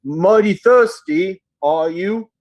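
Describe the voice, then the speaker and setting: A man voicing a shy, gentle male ogre who reads books and speaks slowly and politely. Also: high-pitched, muffled recording, voice pushed up. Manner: slow, polite, soft-spoken.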